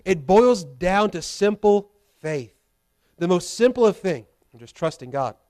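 A man's voice: sits high, very animated, unhurried, a little mellow. A male pastor preaching a sermon in a church, earnest and full of repeated rhetorical questions. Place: church sanctuary.

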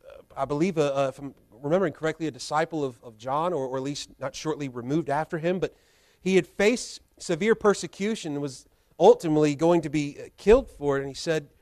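A man's voice: on the high side, darkish tone. A male pastor preaching a sermon in a church, earnest and full of repeated rhetorical questions. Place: church sanctuary.

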